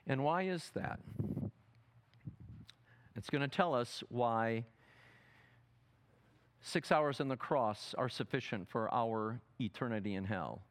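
A man teaching a sermon seminar, dramatic, asking the audience questions and swinging from loud emphatic quotes to soft asides. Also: mid-range voice, takes it slowly, pauses often, smooth. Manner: asks the audience fill-in questions. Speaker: preacher.

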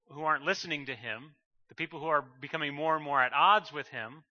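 An emphatic male preacher with a bright, cutting voice pitched a little high. He builds to fervent bursts and repeats his phrases. The recording is muffled and carries a long hall reverb. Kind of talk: sermon.

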